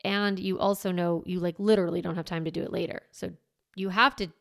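A woman's voice: lowish voice, brisk, gravelly. A middle-aged woman hosting a parenting podcast, giving casual advice and acting out little dialogues with a laugh. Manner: animated, acts out little dialogues, laughs often.

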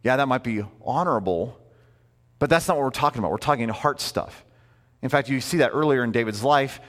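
Animated man preaching in an echoing hall. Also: mid-range voice, brisk. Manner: conversational and animated, with asides and rhetorical questions. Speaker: pastor. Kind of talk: sermon.

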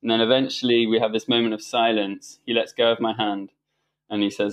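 A man with a fairly low voice speaks as an interview guest, recalling events in a relaxed, meandering way. He often restarts his sentences and pads them with fillers. He sounds middle-aged and unscripted. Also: fairly quick. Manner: rambling, frequent restarts and fillers, laughs while telling stories. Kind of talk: casual storytelling conversation.

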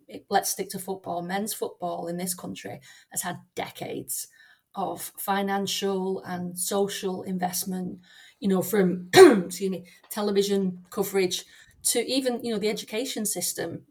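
A woman academic speaking as a guest on a podcast interview, thoughtful and measured, with frequent fillers and restarts. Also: medium pitch, fairly even intonation, darkish tone.

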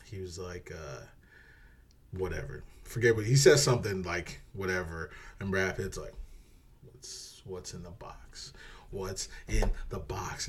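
Low-voiced rambling man. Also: slightly rough. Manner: rambling, laughs often, acts out quotes in a dropped voice. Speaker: podcast co-host. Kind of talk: casual chat, retelling a movie.

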